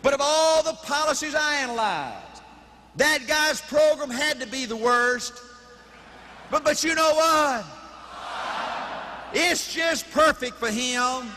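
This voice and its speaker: A man giving a live motivational speech in an animated, folksy way, with punchy repetition and shouting. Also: very high-pitched, slow, pauses often. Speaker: motivational speaker. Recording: reverberant hall, faint noise.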